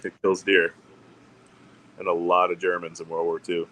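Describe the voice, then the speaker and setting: A man's voice: deep voice, monotone, normal speed, a bit bright, poor audio. A middle-aged man hosting a casual chat, telling profane, wry anecdotes and acting out the other people's lines. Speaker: podcast co-host.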